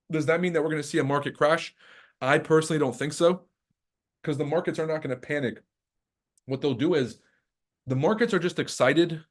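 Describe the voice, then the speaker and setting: Hosting a live trading stream, this man speaks at medium pitch, ranting casually with lots of profanity. Between mocking remarks and laughing at his own jokes, he shifts into commentary on the markets.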